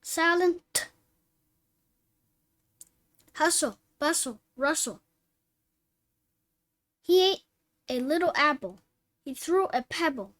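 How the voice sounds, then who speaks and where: High-pitched lady reading phonics words slow and clear, one at a time. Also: animated, a bit bright. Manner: reads word lists slowly and clearly, one word at a time. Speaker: reading teacher.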